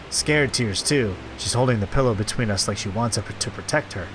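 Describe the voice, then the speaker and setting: A man reading a visual novel aloud as a streamer, with quick asides of his own. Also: mid-range voice, noisy background. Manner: expressive, quick asides between read text. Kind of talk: reading a game aloud with commentary.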